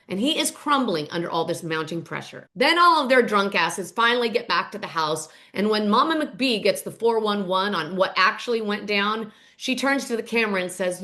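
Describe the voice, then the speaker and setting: Lively woman dishing reality TV gossip. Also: medium pitch, a little fast, few pauses. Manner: animated, dramatic storytelling. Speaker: host.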